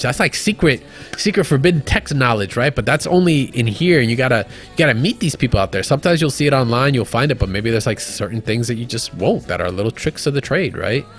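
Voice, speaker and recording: A man's voice: medium pitch, big pitch swings, brisk, a bit bright, faint music behind. Casual, cursing male podcast co-host. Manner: loose and profane, lots of fillers.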